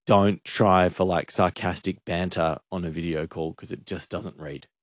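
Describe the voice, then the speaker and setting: A man's voice: deep voice, steady tone, moderate pace, no room sound, clean studio sound. A man hosting a radio show, rambling and mocking himself in casual banter. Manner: self-mocking, rambling with restarts. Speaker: radio host. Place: radio studio.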